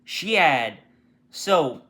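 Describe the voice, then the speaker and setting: Young male retail worker venting on camera, animated and bright, heavy swearing. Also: a little high, extremely slow. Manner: profane, animated, mimics customers with sudden shouts. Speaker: retail worker telling customer stories. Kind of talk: casual storytime rant.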